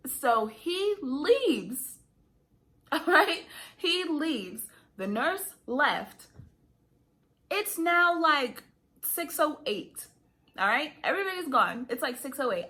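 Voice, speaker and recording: A woman vlogger telling a story casually, laughing often and acting out what people said. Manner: animated, laughing, acts out quotes in high pitch.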